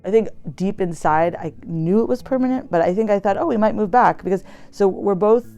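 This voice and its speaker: A woman's voice: mid-range voice, brisk, dark tone. Chatty American woman, poet, mid-range voice, reflective storytelling with faint music under it. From United States. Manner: chatty and reflective, many fillers. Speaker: poet and academic. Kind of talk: personal storytelling interview.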